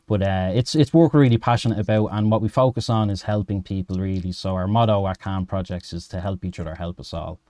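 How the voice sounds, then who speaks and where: A man with a Dublin Irish accent, a guest talking casually and warmly with some fillers. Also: low-pitched, fast talker, hardly any pauses, dry recording. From Ireland. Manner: friendly, hesitant with fillers. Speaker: guest, project co-founder. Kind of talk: casual interview.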